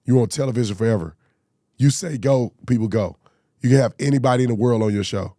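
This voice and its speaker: A man's voice: medium pitch, fast talker, warm tone, no echo, clean studio sound. A man hosting a political commentary show, ranting in an exasperated way, repeating himself and firing off rhetorical questions. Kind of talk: casual commentary rant.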